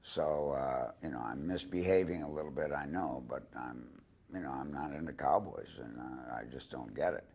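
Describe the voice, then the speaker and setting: Older male guest, deep gravelly husky voice, animated storyteller acting out quotes. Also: normal speed. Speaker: interview guest. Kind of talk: anecdotal storytelling.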